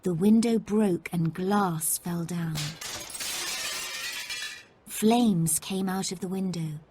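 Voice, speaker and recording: A woman narrating a story for English learners, reading slowly and carefully. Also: fairly low pitch, background noise. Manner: slow, careful, clear reading.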